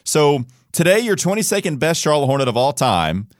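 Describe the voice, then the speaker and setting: A man co-hosting a sports podcast in a studio, chatting casually with an animated, jokey, self-deprecating manner. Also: on the high side, fairly quick, no echo. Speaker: podcast co-host.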